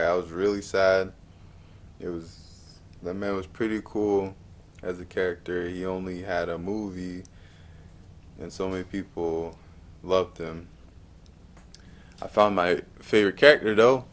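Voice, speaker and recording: A man casually reviewing a movie, retelling scenes with animated high-pitched outbursts. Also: a little hiss or hum.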